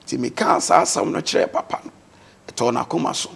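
A man's voice: mid-range voice, animated, fairly quick, creaky, a bit bright, slightly rough. A man with a Ghanaian accent, a guest on a talk show, earnestly telling his life story and mixing English words into his speech.

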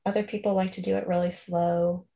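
A woman leading a guided Christian meditation, speaking gently and unhurriedly, with soft fillers as she talks. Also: lowish voice, flat delivery, brisk, vocal fry. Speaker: counselor leading a meditation class.

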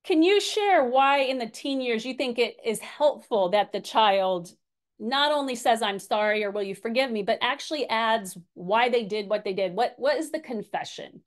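A woman's voice: fairly high pitch, animated, normal speed. A woman in her forties leading a parenting class Q&A, candid and story-driven, with many fillers and restarts. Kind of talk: teaching a group Q&A.

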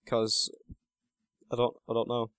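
Chatty teen gamer, dry sound. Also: male voice, medium pitch, monotone, unhurried, clear, resonant tone, no room sound. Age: late teens. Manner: chatty and self-mocking, muttering to himself while playing. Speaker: gaming channel host. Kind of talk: casual gameplay commentary.

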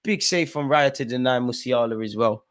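A man hosting a live football watch-along. He bursts into loud shouts at the players and the referee, then drops to quiet, muttered asides. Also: normal speed. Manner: excitable, shouts encouragement and complaints at players and referee; drops to low muttered asides between outbursts. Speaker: fan channel host.

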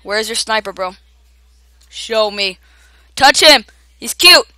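Excitable young woman shrieking over gameplay. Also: on the high side, slow, dry recording. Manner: excitable, shrieks and shouts at other players; laughs often. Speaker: gamer. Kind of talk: gameplay commentary.

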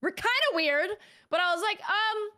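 Young woman guest, high voice, chatty animated storyteller who fills with "like". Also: normal speed. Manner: animated, heavy use of "like". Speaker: interview guest, streamer. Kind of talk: casual storytelling.

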